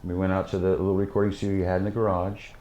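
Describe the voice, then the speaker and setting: Older man, very low voice, rambling anecdotes, roomy studio sound. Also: flat delivery, rapid-fire, mellow, lo-fi sound, slight background noise. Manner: rambling, anecdotal with many fillers. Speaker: guest musician. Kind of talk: storytelling interview. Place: living-room studio set.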